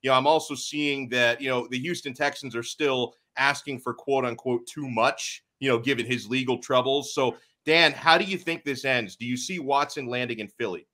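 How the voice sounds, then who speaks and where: A male host runs a relaxed sports interview with a bright, sharp voice. He laughs readily and restarts his sentences as he goes. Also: mid-range voice, moderate pace, few pauses. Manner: laughs easily, stammers restarts. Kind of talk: casual interview.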